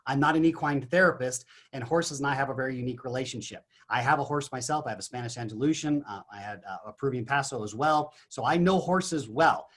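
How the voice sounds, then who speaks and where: A man giving an energetic motivational talk as a guest on a business call, animated and emphatic. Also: mid-range voice, fast, hardly any pauses. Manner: animated, emphatic, punchy exclamations.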